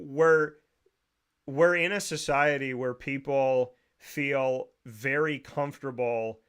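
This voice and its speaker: A man's voice: mid-range voice, fairly bright tone. A man hosting a sports talk show, ranting emphatically and preaching, often repeating phrases for effect. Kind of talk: opinionated podcast rant.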